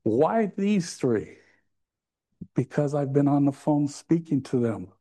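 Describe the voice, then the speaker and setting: A man preaching a sermon in a church. His voice sits a little higher than most men's. He keeps it conversational and teases the congregation with little jokes along the way. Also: very animated, takes it slowly, mellow.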